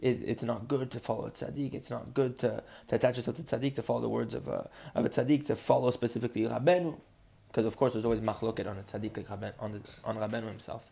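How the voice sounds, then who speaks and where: A man's voice: mid-range voice, creaky, darkish tone. A man teaching a podcast Torah lesson, earnest and building to emphatic insistence.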